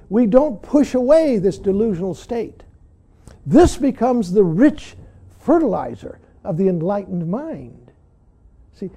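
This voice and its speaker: Older man giving a high, mellow Zen talk. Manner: earnest, frequently says "see". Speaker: Zen teacher. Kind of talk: dharma talk.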